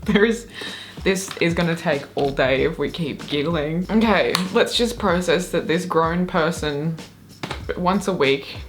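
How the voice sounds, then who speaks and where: A woman's voice: deep voice, a little slow, a little hiss or hum. A young woman casually reading and reacting to posts in a playful, chatty way. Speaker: YouTuber.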